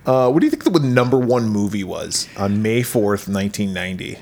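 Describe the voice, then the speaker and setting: A man's voice: lowish voice, big pitch swings, fairly quick, darkish tone. Joking man co-hosting a film podcast. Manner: joking, laughs often, slips into mock accents. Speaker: podcast co-host. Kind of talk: casual comedic chat.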